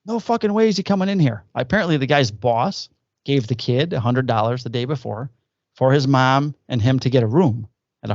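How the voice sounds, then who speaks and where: A man's voice: mid-range voice, gravelly, no room sound, lo-fi sound. A man, a police officer co-hosting a podcast, telling profane stories in casual chat. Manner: profane, animated anecdote telling with acted quotes.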